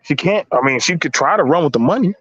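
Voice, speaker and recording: A man's voice: on the high side, expressive, fast talker, a bit bright, no echo. A man, arguing bluntly and emphatically in a heated casual debate, with slangy talk and repeated words. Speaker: panelist. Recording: dull lo-fi audio.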